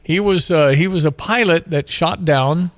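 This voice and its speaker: A man's voice: a little high, unhurried, no room sound. A man hosting a talk show, telling a story in an earnest, emphatic way and drawing moral lessons from it.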